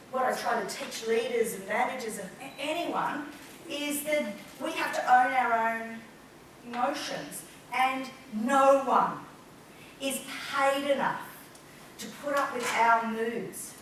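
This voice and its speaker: A middle-aged woman gives a lively conference talk, slipping into quick acted-out examples. Her voice sits fairly high. It is picked up from a distance in a very echoey hall with faint noise behind it. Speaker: conference speaker. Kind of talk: conference presentation.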